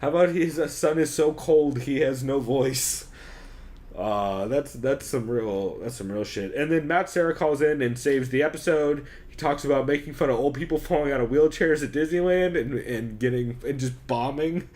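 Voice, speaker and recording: A man's voice: mid-range voice, moderate pace, a little mellow. A man co-hosting a podcast, chatting casually, swearing a lot and laughing often as he recaps shows. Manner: profane, joking, laughs often. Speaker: podcast co-host.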